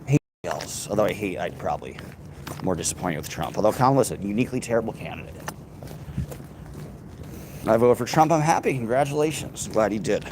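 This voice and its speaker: A man's voice: lowish voice, expressive, brisk, long pauses. Sarcastic man streaming from a noisy street. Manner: rambling, sarcastic and profane. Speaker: live streamer. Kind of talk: casual live stream chat. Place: outdoors on a city street, walking. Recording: street traffic noise behind.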